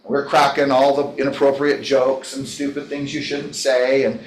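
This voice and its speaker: This man's voice is mid-range, his delivery flat and his speed normal, as he leads a business training session. The motivational talk rambles enthusiastically, he addresses people by name, and the training room echoes.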